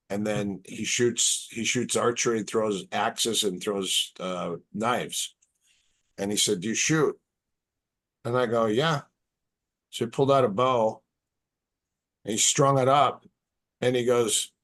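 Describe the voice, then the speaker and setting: A martial arts instructor, appearing as a podcast guest, tells stories casually in a fairly low voice. He's animated but halting, often repeating words as he goes.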